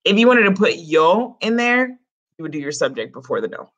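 A woman's voice: on the low side, very animated, moderate pace, a bit bright, muffled recording. A woman teaching Spanish grammar in an online class, explaining it step by step in a casual way.

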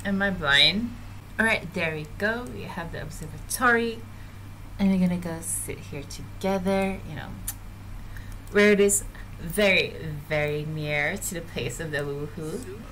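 A woman's voice: on the low side, a little slow, fairly bright tone, a little hiss or hum. A woman giving casual, giggly gameplay commentary as a YouTuber and talking straight to her viewers. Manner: chatty, giggly, addresses viewers directly. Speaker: gaming YouTuber.

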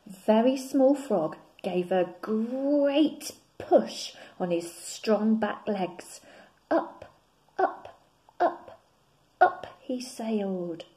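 A woman teacher reading a children's picture book aloud in an expressive way. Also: on the high side. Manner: slow and expressive.

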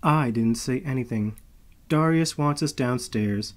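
A man's voice: medium pitch, unhurried, close to an everyday voice. A man voicing a cool, smirking male vampire telepath who speaks in a nonchalant, dry way.

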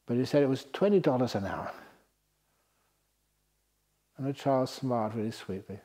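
An English Buddhist monk gives a dharma talk at a retreat centre, telling stories at a moderate pace with long pauses in a medium-pitched voice. He laughs often between lines and brings his tales to life with voiced quotes.

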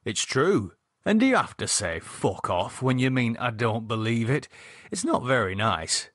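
A calm, sardonic bloke, voiced by a male narrator, talking in a husky voice that is recorded close and dry. He teases in an even, level-headed way, and his lines lift lively in a storybook reading. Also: mid-range voice, a little slow, dry recording, exaggerated voice. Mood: matter-of-fact. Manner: wry, teasing, level-headed. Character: dry, sardonic British man, calm and wry.

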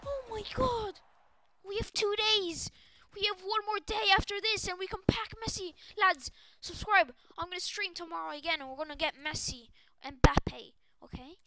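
A young woman streaming a video game live, shrieking and excitable, often breaking into shouts. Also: very high-pitched, normal speed, noisy background. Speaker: gaming streamer.

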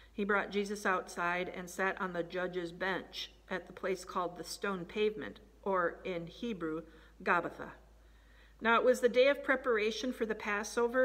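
A woman's voice: medium pitch, fairly bright tone. Female scripture reader, dramatic delivery that lifts for quoted speech, long hall reverb. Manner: raises voice for quoted lines.

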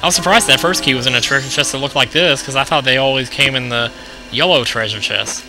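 A young man casually commentating a video game, excitable and jokey, thinking aloud as he plays. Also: medium pitch, fast, low-quality recording. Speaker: let's play commentator. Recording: game music playing behind voice.

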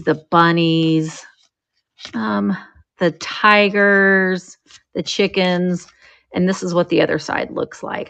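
Slow-talking woman selling vintage items. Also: medium pitch, a bit bright. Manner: chatty, describes items as she shows them. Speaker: live auction seller. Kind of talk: live sale chat.

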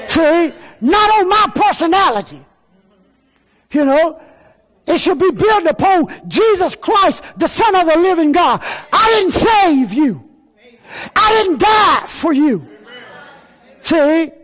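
A pastor delivers a sermon in a church. His voice sits very high for a man, and he often rises to a shout for emphasis. He fills his speech with repeated phrases and hesitations. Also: big pitch swings, slow pace, long pauses. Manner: preaching with frequent fillers and repeated phrases.

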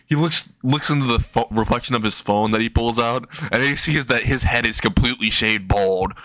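A man's voice: medium pitch, a little fast, few pauses, a bit bright, no echo. A man casually telling a comic fan story, rambling and laughing at his own jokes.

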